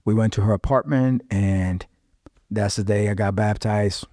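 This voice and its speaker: Pastor guest, low voice, dry studio sound; animated testimony storyteller who acts out quoted lines. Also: male voice, moderate pace, no room sound. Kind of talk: personal testimony in casual interview.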